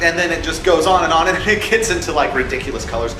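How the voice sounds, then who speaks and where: Lively young man in an echoey room. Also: a little high, fast. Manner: animated, jokey, swings into put-on voices. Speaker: fan film director casting voice actors. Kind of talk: casual casting-call vlog. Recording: echoey room with music behind.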